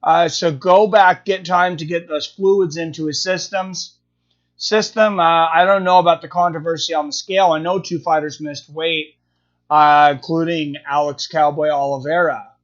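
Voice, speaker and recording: A man's voice: a little high, fairly even intonation, normal speed. A man hosting a live stream, chatting casually and answering viewer comments, thinking aloud with lots of fillers and restarts. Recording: dull lo-fi stream audio.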